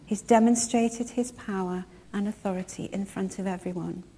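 Mellow-voiced woman preaching a sermon. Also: medium pitch, fairly even intonation, slightly rough. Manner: measured storytelling, slowing for emphasis.

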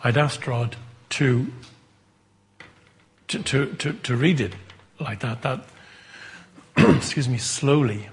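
A man preaching a sermon, halting and repeating words as he thinks aloud. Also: medium pitch, animated, husky.

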